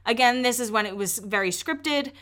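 A young woman on her podcast, chatting and gossiping her way through a recap, peppering it with "like" and the odd curse. Her voice sits a little high and sounds bright and crisp. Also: normal speed. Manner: chatty and gossipy, with frequent "like" and swearing. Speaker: podcast host recapping a reality show. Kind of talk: casual recap commentary.

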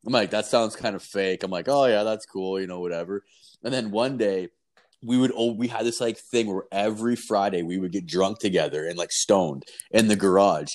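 A man's voice: on the low side, moderate pace, a little mellow. A young man from Canada telling rambling stories in casual chat, full of swearing and fillers.

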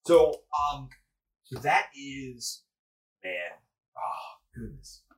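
A podcast co-host talks casually about video games over a Discord call, rambling with lots of fillers and restarts. The voice is medium-pitched with big pitch swings, drawn-out words, and a breathy edge, and the recording is low quality.

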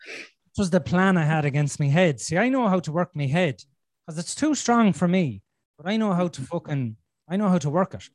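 A man talks bluntly and swears freely, slipping into the voices in his own head. His voice sits a little high for a man. The sound is dry and close, with no room around it. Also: lively intonation, normal speed, dry recording. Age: 40s. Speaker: podcast host. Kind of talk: casual conversation.

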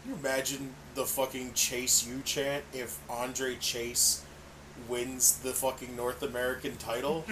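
A man's voice: medium pitch, level tone, measured pace, noisy background. A man co-hosting a casual wrestling podcast, swearing freely and laughing often. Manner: profane, enthusiastic, laughs often. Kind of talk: casual chat.

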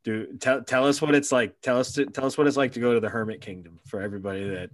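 A man's voice: mid-range voice, steady tone, fast talker, no echo. A man hosting a podcast in casual chat, easygoing and fond of "dude" and "bro". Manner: laid-back, says "dude" and "bro" a lot. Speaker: podcast host.

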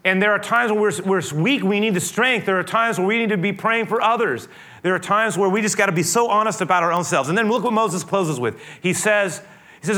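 A male pastor with a fairly high, bright, forceful voice delivers an earnest sermon. He presses hard on key words, then drops to a soft, hushed tone when he prays. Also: fairly quick. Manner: earnest and emphatic, swinging between loud preaching and hushed prayer. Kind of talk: sermon with closing prayer.

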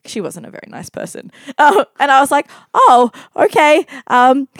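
Woman, storytelling, animated and laughing, slightly high-pitched, dry sound. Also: normal speed, no echo. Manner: animated, laughing, acts out dialogue. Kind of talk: casual storytelling.

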